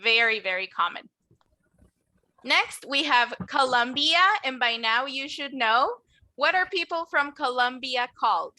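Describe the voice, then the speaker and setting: Bright, high-pitched woman as a bilingual English teacher, slow model words for repetition. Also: animated. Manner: switches between English and Spanish explanations; slow, drawn-out model words for students to repeat. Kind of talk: online class teaching nationalities.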